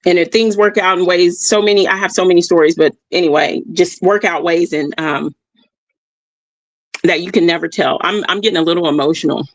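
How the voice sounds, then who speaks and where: A woman's voice: on the low side, steady tone, moderate pace, dry recording. A woman hosting a motivational livestream. She repeats her key phrases and keeps checking in with her listeners. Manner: addresses listeners warmly as "y'all". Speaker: livestream host. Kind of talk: motivational reflection talk. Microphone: streaming mic.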